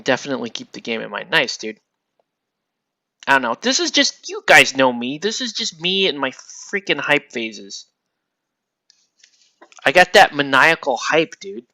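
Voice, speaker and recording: A man chats casually on a livestream while he paints miniatures, rambling from one excited aside to the next. His voice is bright and sharp, and the sound is dry and close to the mic. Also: medium pitch, a little slow, pauses often, no room sound. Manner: rambling, excitable, laughs often. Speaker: livestream host.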